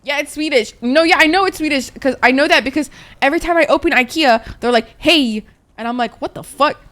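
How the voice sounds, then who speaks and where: A woman's voice: high-pitched, fast talker, fairly bright tone. A young woman from Egypt, a native Arabic speaker, chatting and swearing freely as she streams a game. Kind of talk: casual gameplay commentary.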